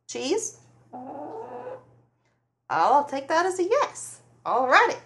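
A woman's voice: high-pitched, very animated, slow, fairly bright tone. A woman hosting a casual radio show from her farm, chatting, laughing often and talking to her animals. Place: farm home studio with dogs nearby.

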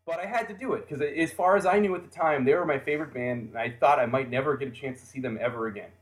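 An American man telling a long personal story in a casual podcast chat, animated and often laughing as he acts out the people in it. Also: mid-range voice, quick pace. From United States.

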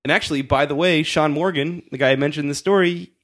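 A man's voice: a little high, quick pace, fairly bright tone. Laughing young man telling a story. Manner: laughs often, acts out voices in his story. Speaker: podcast host. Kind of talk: casual storytelling chat.

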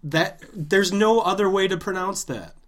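A man's voice: high-pitched, a little slow. A man co-hosting a podcast in casual chat, making wry, sardonic remarks. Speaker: podcast co-host.

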